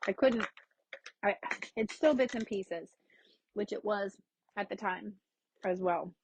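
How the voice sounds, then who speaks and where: A woman's voice: mid-range voice, slow, breathy edge, no echo, rough recording. A woman hosting her own podcast, candidly telling a personal story in a frank, casual way that includes swearing. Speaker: podcast host.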